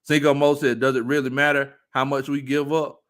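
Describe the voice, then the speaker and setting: A man hosting a casual sports talk stream, reading viewer comments aloud and laughing often. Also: brisk. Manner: animated, laughs often, jumps into high-pitched squeals. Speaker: sports talk show host.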